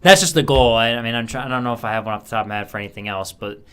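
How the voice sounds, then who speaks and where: A man's voice: medium pitch, very fast, a bit bright, clean tone. A man co-hosting a casual soccer talk show, upbeat and jokey. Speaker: co-host. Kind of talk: casual sports chat.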